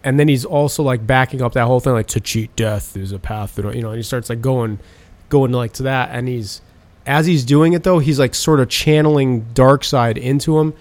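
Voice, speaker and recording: A man's voice: mid-range voice, fairly quick, a little mellow. A man in casual chat, animatedly retelling film scenes with lots of swearing and filler. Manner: profane, rambling storytelling.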